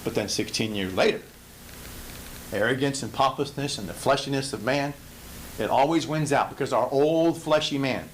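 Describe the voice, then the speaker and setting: A man leading an informal Bible study, emphatic and full of rhetorical questions, swinging from low murmurs to loud bursts. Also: normal speed, a little hiss or hum, low-quality recording.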